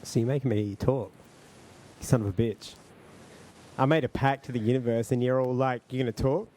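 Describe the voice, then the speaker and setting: A man's voice: medium pitch, fairly even intonation, moderate pace, dark tone, slight background noise. A man co-hosting a podcast, chatting casually with jokes, rambling asides and swearing. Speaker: podcast co-host. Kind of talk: casual chat.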